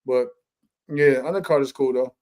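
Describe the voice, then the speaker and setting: A man's voice: medium pitch, steady tone, moderate pace, darkish tone. A man in his forties from Long Island, a former boxer co-hosting a podcast, talking in loose, laughing, slangy banter. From Long Island, New York. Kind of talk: casual chat.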